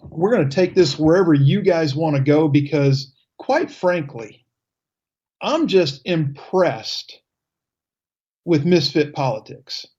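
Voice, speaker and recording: A man's voice: fairly high pitch, expressive, slow, darkish tone, breathy edge, dull audio. A man in his fifties hosting a radio talk show, chatting casually and easily with his guests. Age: 50s.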